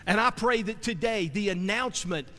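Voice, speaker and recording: A man's voice: high-pitched, moderate pace, sharp tone. A man preaching a sermon as a pastor, earnest and repetitive, often restarting his sentences and asking rhetorical questions. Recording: long hall reverb.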